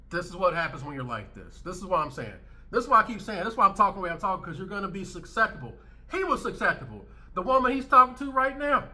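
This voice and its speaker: A man with a bright, forceful voice sitting a touch high for a man delivers commentary on clips he is playing. He talks bluntly and emphatically, circling back to the same lines again and again to drive them home. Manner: blunt, emphatic, repeats his points. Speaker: commentary channel host.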